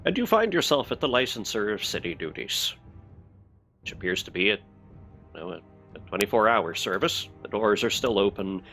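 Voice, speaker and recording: Lively low-voiced male game master. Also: moderate pace, soft background music. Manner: relaxed, easygoing narration with fillers. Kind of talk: narrating a tabletop game. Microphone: headset or desk mic on voice chat.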